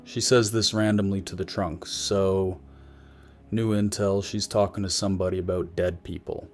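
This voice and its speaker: A man with a low voice tells a creepy story as scripted narration. His delivery is wry and matter-of-fact, and faint music plays under him. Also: level tone, moderate pace, a little mellow.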